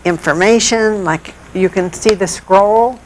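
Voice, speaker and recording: A woman guest explaining regional art history in a measured, thoughtful way with pauses. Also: mid-range voice, slight background noise, low-quality recording. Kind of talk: explaining in an interview.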